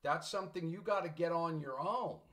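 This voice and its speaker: A man's voice: fairly high pitch, moderate pace, fairly bright tone. A middle-aged man teaching a college English class, blunt and rambling, repeating himself and drifting into stories. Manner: rambling, repetitive, blunt, digresses into anecdotes. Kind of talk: recorded lecture to class.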